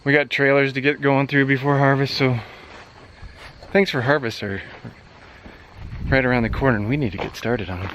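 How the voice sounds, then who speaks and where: A man's voice: medium pitch, fairly even intonation, moderate pace, long pauses, a bit bright, a little hiss or hum. A man, a farmer from central Nebraska, talks through his farm work in a loose, rambling way. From central Nebraska, USA. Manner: laid-back, rambling, loose explanations. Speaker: farmer and vlogger. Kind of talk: casual walkaround vlog. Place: outdoors on a farm, by machinery.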